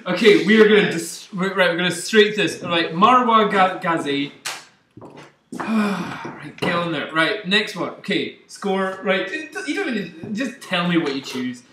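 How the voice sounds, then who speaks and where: A man's voice: high-pitched, expressive, unhurried. Teasing Scottish man in an echoey studio. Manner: joking, teasing, laughs often. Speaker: co-host. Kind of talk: casual banter over beer. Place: photo studio. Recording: echoey room, distant mic, faint noise.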